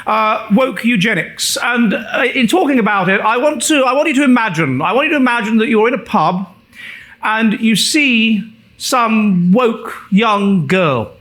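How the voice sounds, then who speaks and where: High-voiced sardonic lecturer. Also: male voice, expressive, measured pace, fairly bright tone. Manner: sardonic, with frequent restarts and fillers. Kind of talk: public lecture. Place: lecture room.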